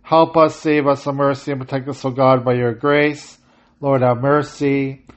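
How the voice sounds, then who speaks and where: A man's voice: medium pitch, level tone, moderate pace. A man leading a prayer service, chanting and intoning the prayers, with short plain-spoken asides between them. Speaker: prayer leader. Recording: slightly dull lo-fi audio.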